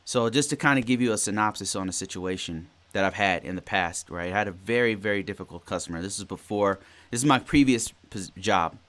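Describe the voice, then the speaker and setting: A man's voice: lowish voice, brisk, few pauses, fairly bright tone. A man in his forties hosting a podcast, telling a work story in a rambling way, often repeating and restarting phrases. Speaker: podcast host. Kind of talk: casual solo podcast talk.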